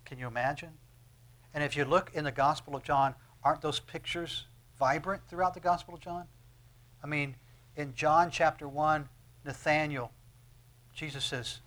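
A man preaching a sermon, swinging between soft, low asides and loud, emphatic peaks, with frequent restarts. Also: normal speed. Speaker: pastor.

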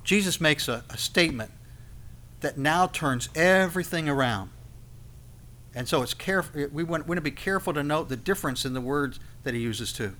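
A man preaching a sermon, swinging between loud emphasis and soft, intimate passages. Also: on the high side, expressive, moderate pace.

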